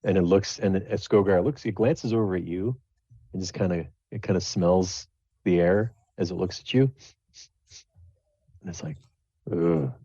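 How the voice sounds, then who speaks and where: A man's voice: deep voice, moderate pace, pauses often, dark tone, breathy edge, no echo, lo-fi sound. A man narrating as game master of a tabletop game, rambling with many fillers.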